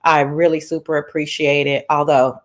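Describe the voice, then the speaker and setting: A woman's voice: deep voice, moderate pace. Sassy woman hosting a livestream. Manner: sassy, greets viewers by name in a lively sing-song. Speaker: livestream host. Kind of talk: casual livestream chat. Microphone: laptop mic.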